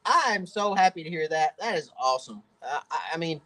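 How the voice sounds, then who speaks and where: A man with a drawl chats through a live-stream Q&A in a relaxed, folksy way. His voice sits a bit high for a man, and he laughs easily between answers. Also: brisk, low-quality recording. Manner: folksy, chatty, laughs often. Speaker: host of a fishing channel. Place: home workshop.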